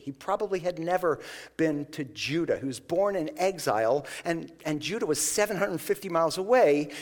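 A man with a fairly high voice preaches a sermon. He talks in a loose, conversational way and acts out the voices of the people in the passage. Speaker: pastor.

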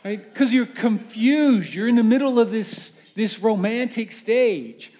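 A man preaching a conversational sermon as a pastor, animated and full of rhetorical questions. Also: extremely high pitch, a little slow.

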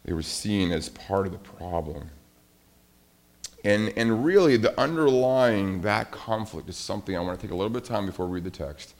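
Lively storytelling male pastor. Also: fairly low pitch, normal speed. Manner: animated storytelling, addresses kids directly. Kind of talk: sermon.

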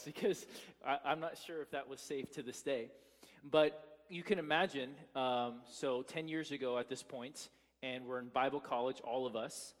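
Man preaching in a reverberant hall. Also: mid-range voice. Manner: casual storytelling with frequent fillers and restarts. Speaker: pastor. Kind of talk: sermon.

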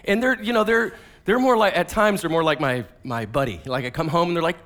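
A man in his forties preaching a casual sermon, telling family stories in a conversational, animated way with many fillers and restarts. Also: on the high side, a little fast, hardly any pauses. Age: 40s. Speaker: pastor.

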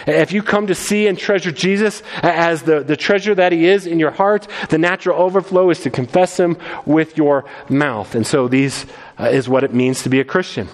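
Man, pastor, sermon, earnest expository preaching, slightly high voice, long hall reverb. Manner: earnest expository preaching, repeats words at starts.

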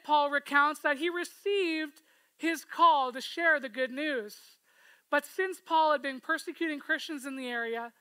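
In her sermon, a high-pitched woman tells a scripture story in an expressive storytelling style and asks listeners to envision the scene. There's no room sound, and the recording is rough.

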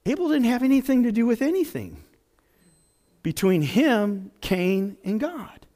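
High-voiced slow-preaching man. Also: very animated. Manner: dramatic, swings between loud and hushed. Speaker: pastor. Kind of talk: sermon.

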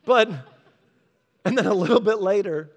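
A man preaching, telling a story in an animated way and acting out the quoted people in changed voices. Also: high-pitched, moderate pace. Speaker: pastor. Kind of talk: storytelling sermon. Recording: long hall reverb.

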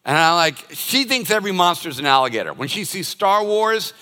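Bright-voiced older pastor preaching. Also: male voice, sits high, sing-song, brisk. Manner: storytelling, acting out everyday scenes. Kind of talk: sermon. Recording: long reverb of a large hall.

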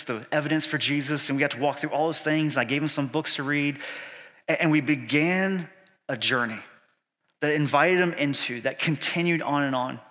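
Bright-voiced man preaching in a reverberant hall. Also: mid-range voice. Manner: casual, chatty, self-deprecating, many "like" fillers. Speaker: pastor. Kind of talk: sermon storytelling. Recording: long reverb from a church hall.

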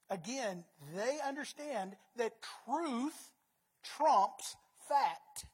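A woman preaching a sermon, emphatic, repeating words and swinging between loud and soft. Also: fairly high pitch, lively intonation, unhurried, slightly rough.

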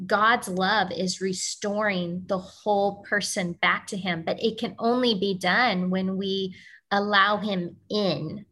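A woman's voice: mid-range voice, steady tone, slow, fairly bright tone. A woman hosting a faith talk show, asking her guests affirming, reflective questions. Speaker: host.

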